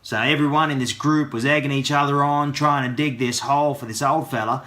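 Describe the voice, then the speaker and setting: Bright-voiced Australian man telling a yarn. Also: mid-range voice, steady tone, fairly quick. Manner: playful, packed with Aussie slang. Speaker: vlogger. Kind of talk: casual comedic storytelling.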